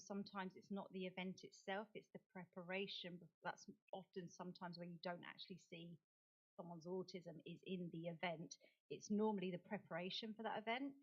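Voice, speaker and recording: A woman's voice: on the low side, lo-fi sound. A middle-aged woman giving a conference talk in a chatty, self-deprecating way, laughing often. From United Kingdom. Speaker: conference speaker and advocate. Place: conference venue.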